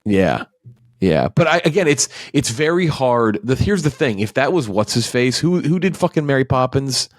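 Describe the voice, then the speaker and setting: A man's voice: medium pitch, big pitch swings, normal speed, no room sound, studio quality. A man hosting a film podcast, rambling casually with many fillers, restarts and casual swearing. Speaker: podcast host. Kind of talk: casual chat.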